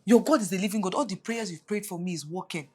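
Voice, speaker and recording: Actress as a slick young Nigerian woman, husky voice, coaxing her mother, faint music behind. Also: mid-range voice, fast talker, darkish tone, lightly acted. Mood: pleading. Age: young adult. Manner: coaxing, defensive. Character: scheming young Nigerian woman, pleading daughter. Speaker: daughter. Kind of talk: film drama acting.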